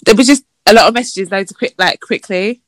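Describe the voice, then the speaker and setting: A woman's voice: a little fast, dry recording. Chatty woman, dry close mic. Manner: chatty and storytelling, acts out messages in a mocking high voice. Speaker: podcast co-host. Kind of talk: casual chat.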